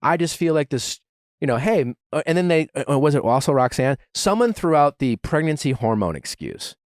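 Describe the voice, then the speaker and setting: A man's voice: fairly high pitch, big pitch swings, fairly quick, dry recording, studio quality. A man hosting a podcast, chatting casually and rambling with lots of fillers and restarts. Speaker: podcast host. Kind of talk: casual chat.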